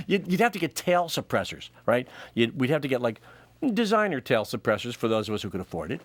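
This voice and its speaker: A man's voice: mid-range voice, sing-song, a little fast, dry recording. A man hosting a comedy show, delivering a jokey stand-up monologue and laughing often.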